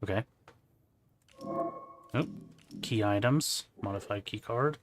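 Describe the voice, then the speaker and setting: A man's voice: on the low side, huge pitch swings, slow, slight background noise. A man playing a video game on stream, chatting casually with his viewers. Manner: chatty, talks to viewers, laughs. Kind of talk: casual let's-play commentary.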